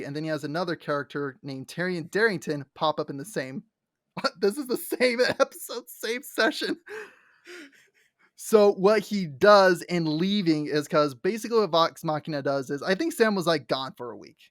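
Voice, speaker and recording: A young adult woman co-hosting a casual podcast, excitedly retelling scenes with lots of likes, restarts and acted-out quotes. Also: deep voice, normal speed, no room sound, studio quality. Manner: animated storyteller, acts out quotes with many likes and restarts. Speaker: podcast co-host. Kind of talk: casual fan chat.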